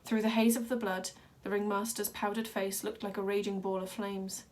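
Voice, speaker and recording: A woman reading a children's novel aloud with steady, dramatic narration. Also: medium pitch, moderate pace, few pauses. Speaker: reader. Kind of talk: storybook read-aloud.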